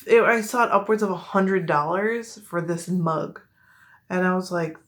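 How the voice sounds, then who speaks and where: Showing off her mug collection in a casual chat, a young woman with an American Midwest accent wanders from point to point, full of fillers and self-corrections. She has a lowish voice and a measured pace.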